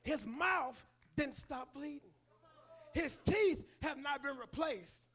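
A man's voice: very high voice, expressive, slow, fairly bright tone. A male preacher giving a sermon in a colloquial, storytelling manner.

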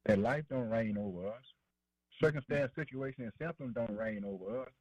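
A man's voice: medium pitch, normal speed, darkish tone, dry recording. A man a sermon, rhythmic and repetitive, calling out "man" and "boy" between phrases. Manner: preachy call-and-response, fillers like man and boy. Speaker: preacher. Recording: dry, dull lo-fi radio broadcast.

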